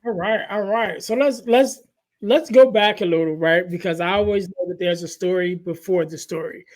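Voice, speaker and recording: A man's voice: high-pitched, moderate pace, poor audio. A man hosting a podcast, chatty and casual, addressing listeners as "you guys" while plugging products before interviewing his guest. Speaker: podcast host.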